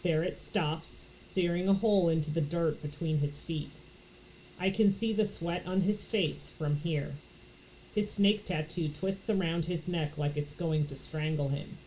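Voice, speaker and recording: A woman's voice: low-pitched, a little slow, mellow, slight background noise, rough recording. A woman from Florida reading a novel aloud, narrating in first person with expression. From Florida, USA. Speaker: audiobook reader.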